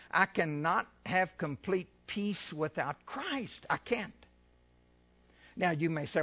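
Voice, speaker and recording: A man's voice: high voice, lively intonation. A man preaching a sermon with fervour, questioning his listeners and drawing out and swelling his voice on scripture. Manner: fervent preaching, slows and swells louder when reading scripture; asks the congregation questions, repeats phrases.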